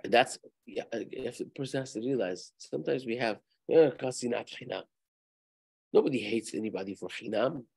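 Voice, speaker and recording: A rabbi's voice with a gravelly, somewhat husky grain, recorded dry and close. He teaches a daily Torah class in an easygoing, conversational way, telling stories along the way. His pitch stays in a middle range for a man. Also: normal speed, darkish tone, no echo, poor audio. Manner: conversational, tells anecdotes, mixes Hebrew and Yiddish terms. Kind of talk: casual Torah lesson with storytelling.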